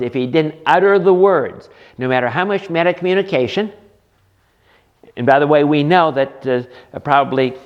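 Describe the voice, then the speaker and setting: A man gives a counseling lecture in a slightly high voice, putting rhetorical questions to his class. The recording is dull and lo-fi, with muffled highs. He sounds like an instructor talking a room through a lesson.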